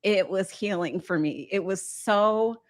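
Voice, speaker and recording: A woman's voice: medium pitch, a little slow. A woman from Ohio hosting an interview, talking earnestly and with feeling, trying not to cry. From Ohio, USA. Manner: earnest and heartfelt, holding back tears. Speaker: host. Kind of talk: emotional interview chat.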